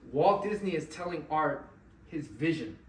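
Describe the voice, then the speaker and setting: A man telling a story live to an audience at an event, animated and often checking in with "right?". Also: on the high side, normal speed, a little hiss or hum. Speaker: motivational speaker at an event. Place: event venue. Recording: echoey room, mic at a distance, faint ambience.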